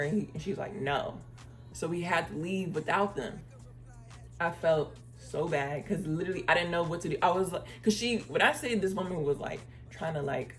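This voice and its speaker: A woman telling a casual story time vlog, acting out the people she quotes and speaking in a relaxed, chatty way. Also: lowish voice. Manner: uses "y'all" and "girl" casually. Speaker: travel vlogger.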